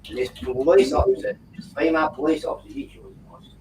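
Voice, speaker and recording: A man, hosting a casual video call and telling a prank story in an animated way. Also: on the high side, fast talker. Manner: animated yarn-spinner, prankster humor. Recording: roomy, distant mic with faint noise.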